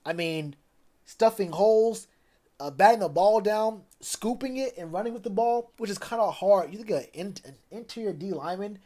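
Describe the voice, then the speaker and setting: A man's voice: high-pitched, animated, moderate pace, warm tone. Man, casual stream chat, rambling, filler-heavy. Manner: loose, rambling, lots of fillers. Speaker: sports streamer.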